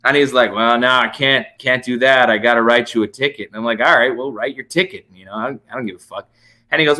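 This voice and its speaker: Guy on a podcast, swears a lot, crisp bright tone, plays out every line of the story. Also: medium pitch, quick pace. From United States. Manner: animated, profane, acts out both sides of the exchange. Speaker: podcast guest, comedian. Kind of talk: casual storytelling chat.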